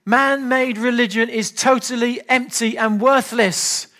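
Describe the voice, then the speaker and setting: High-voiced preacher, earnest and emphatic. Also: male voice, steady tone, measured pace. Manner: earnest, emphatic preaching that sinks to soft, low appeals. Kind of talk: sermon.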